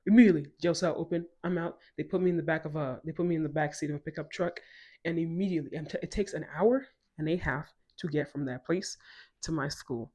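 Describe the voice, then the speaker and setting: A woman from Ghana telling a personal story in a casual vlog, animated and emphatic, often going off on tangents. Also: low-pitched, quick pace. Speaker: vlogger.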